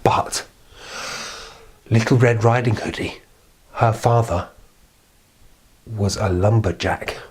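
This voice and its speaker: A man tells a fairy tale to children in a lively, chatty storytime style. He throws in sound effects and friendly asides as he goes. His voice is low, with a soft, husky edge. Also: slow pace, long pauses.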